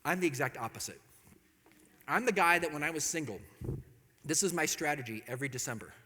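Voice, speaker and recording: A man giving a humorous storytelling talk to an audience, acting out quoted lines with lively jumps in his voice. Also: a little fast. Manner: animated, acts out quotes with big pitch jumps. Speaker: Catholic speaker. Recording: long hall reverb.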